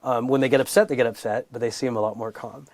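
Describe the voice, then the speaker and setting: A middle-aged man from Los Angeles talks as a comedian guest, driving his points home with animated, punchy comic emphasis. His voice sits at an ordinary pitch, and the recording is dry and close with no room sound. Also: quick pace, no room sound. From United States, raised in Los Angeles. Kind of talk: candid conversational interview.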